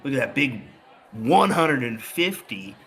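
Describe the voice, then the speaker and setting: A man doing live darts commentary in a relaxed, chatty way. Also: medium pitch, measured pace, a little hiss or hum. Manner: relaxed, chatty, laughs easily.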